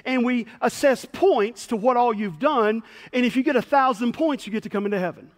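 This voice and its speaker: A man preacher voicing a matter-of-fact angel at heaven's gate, speaking calmly and drily. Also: medium pitch, brisk, big-room sound, voice pushed up, lightly acted. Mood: explaining.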